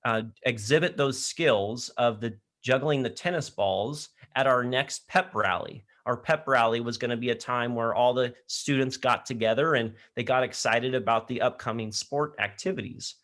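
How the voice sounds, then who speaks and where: Man, energetic storyteller, animated, laughs often, online session, laptop mic. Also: medium pitch, normal speed, hardly any pauses. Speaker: leadership program speaker. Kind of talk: storytelling talk to high school students.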